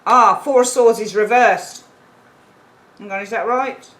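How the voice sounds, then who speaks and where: A woman's voice: a little high, a little slow, a bit bright, poor audio. A woman giving a casual, chatty tarot reading, stressing points by repeating them. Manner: chatty, emphatic, repeats points, acts out little quoted exchanges. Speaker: tarot reader.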